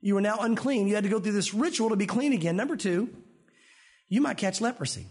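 High-voiced husky male preacher. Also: fast talker. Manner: animated preaching, acts out voices of Bible figures. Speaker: pastor. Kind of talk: sermon.

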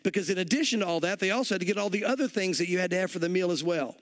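High-voiced man preaching a sermon. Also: very fast. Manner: conversational storytelling with frequent "you know". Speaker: pastor. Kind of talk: verse-by-verse sermon.

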